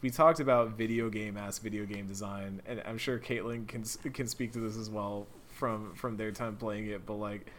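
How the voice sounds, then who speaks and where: A man co-hosting a casual gaming podcast, talking in an animated way, often laughing and slipping into mock voices for quotes. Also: lowish voice, moderate pace, hardly any pauses, slight background noise. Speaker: podcast co-host.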